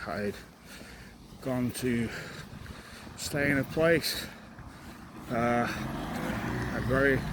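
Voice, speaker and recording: Young man, out of breath, walking outdoors, halting reflective talk, loud outdoor noise. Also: mid-range voice. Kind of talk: candid personal vlog while walking.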